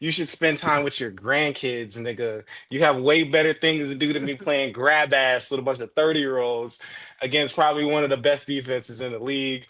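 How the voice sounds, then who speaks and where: A man's voice: mid-range voice, steady tone, moderate pace, pushed and bright. A man co-hosting a sports podcast, trash-talking brashly with heavy swearing in casual chat. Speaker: podcast co-host.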